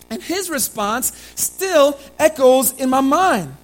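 A preacher giving a sermon told in first person as a biblical prophet, with dramatic storytelling that swings from loud emphasis to hushed, low delivery. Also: animated, slow, soft background music, rough recording.

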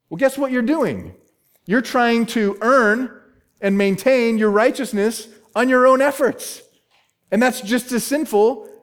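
Lively, emphatic male preacher. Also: extremely high pitch. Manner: emphatic, repeats key words, rhetorical questions. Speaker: pastor. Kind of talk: expository sermon.

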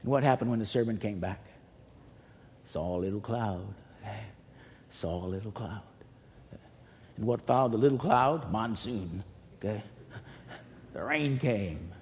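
A man preaching a sermon as pastor, emphatic and repetitive, swinging between loud pleas and hushed near-whispers. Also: lowish voice, unhurried, long pauses. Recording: reverberant hall with faint noise.

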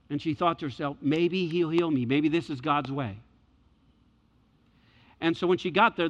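A man preaching a sermon and telling a story, swinging between loud passages and hushed ones. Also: high-pitched. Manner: dramatic shifts between loud and hushed delivery. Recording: echoey hall, dull lo-fi sound.

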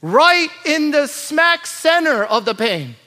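A man preaching a sermon as pastor, moving from quiet low asides to loud, urgent pleading and repeated rhetorical lists. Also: sing-song, slow pace.

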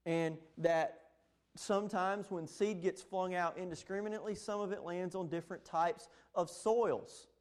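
Impassioned high-voiced young preacher. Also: male voice. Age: 20s. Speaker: pastor. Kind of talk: sermon.

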